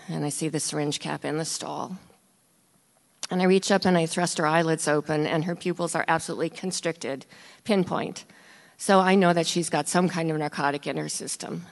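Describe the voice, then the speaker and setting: A woman nurse tells a true story aloud in a vivid, animated manner. She builds tension steadily, her voice sitting at a middle pitch for a woman. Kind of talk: live storytelling.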